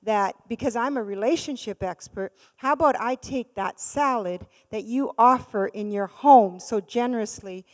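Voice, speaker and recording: A middle-aged woman delivers a sermon as a storyteller, her voice leaping from loud, urgent bursts down to near hushes. Her voice rings out through a large church hall, with a long reverb trailing each phrase. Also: on the high side, normal speed, few pauses. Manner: dramatic, swings from loud to hushed. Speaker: guest speaker.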